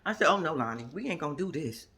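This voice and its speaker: A woman giving a casual, profane vlog recap of a reality show, sassy and animated, acting out the cast's lines. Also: low-pitched, fast, husky. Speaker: reality TV commentator.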